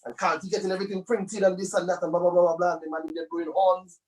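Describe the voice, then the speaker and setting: Man, high voice, rambling storyteller, musician guest, a bit off-mic. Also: level tone, very fast, recorded from a distance, rough recording. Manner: loose, rambling, with many tag phrases. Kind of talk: casual storytelling interview.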